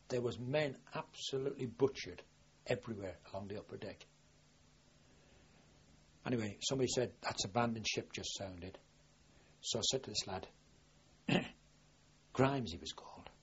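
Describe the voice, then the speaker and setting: A man's voice: on the low side, husky, lo-fi sound. An older man, a navy veteran, telling his wartime memories in a rambling oral history interview, full of restarts and quoted dialogue. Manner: rambling with frequent restarts, lively when quoting himself. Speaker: war veteran recalling service.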